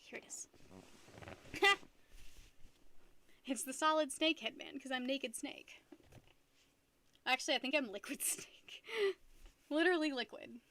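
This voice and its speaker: A young woman chats with her stream viewers in a high, bright, lively voice. She is playful and giggly and laughs at herself a lot. The sound is close and dry. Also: no room sound. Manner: playful, giggly, self-mocking. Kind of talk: casual live-stream chat.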